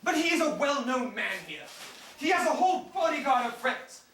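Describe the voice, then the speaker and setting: An actor in a live stage play playing a witty, theatrical gentleman plotting a scheme. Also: sits high, expressive, normal speed. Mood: scheming. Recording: echoey stage from far, noisy.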